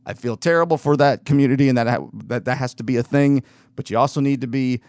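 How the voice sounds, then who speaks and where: A man's voice: medium pitch, fast, darkish tone, no echo. Man, casual storytelling host, rambling, dry close sound. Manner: rambling, self-interrupting, with fillers and laughs. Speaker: podcast host.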